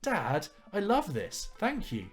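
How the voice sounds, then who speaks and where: A man voicing an upbeat, teasing teenage daughter in a game, with a high, excited delivery. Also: slow, soft background music, heavily acted. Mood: delighted.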